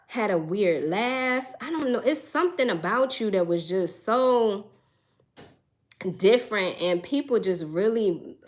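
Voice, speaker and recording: A young woman giving an intuitive tarot reading, musing and searching for words with frequent sighs, earnest and emotional. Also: medium pitch. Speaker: tarot reader.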